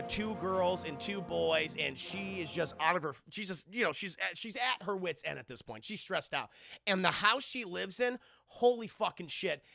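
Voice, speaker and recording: A man reviewing a film live and chatting with his viewers, rambling, swearing and animated. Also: sits high, creaky, no echo, clean studio sound. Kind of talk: casual chat with a live audience.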